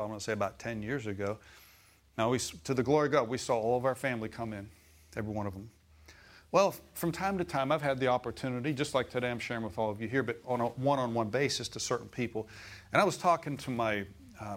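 Middle-aged male preacher, anecdotal sermon delivery, bursts of emphasis, mid-pitched voice. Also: fairly quick. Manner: storytelling, rising to emphatic exclamations.

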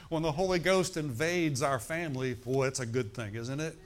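A man preaching a sermon in a conversational way, often asking his congregation "right?" and "amen?", slowing down to stress scripture. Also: mid-range voice. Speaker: pastor.

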